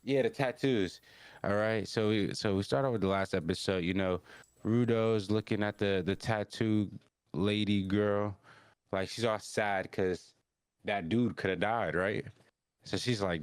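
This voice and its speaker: A man's voice: fairly low pitch, moderate pace, clean tone, no echo, studio quality. A man hosting a podcast, casually recapping an anime episode in a rambling, slangy way with lots of restarts. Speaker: podcast host.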